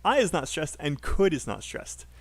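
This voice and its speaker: A man's voice: a little high, big pitch swings, moderate pace. A British man who teaches English in a live online class, upbeat and explaining, modelling sentences aloud for his students.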